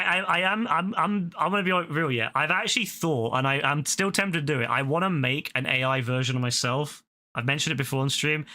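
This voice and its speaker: A young man rambles through casual stream commentary, tripping over his words and restarting his sentences as he goes. His voice sits mid-range with a crisp, forward brightness. He swears freely and loosely. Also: mid-range voice.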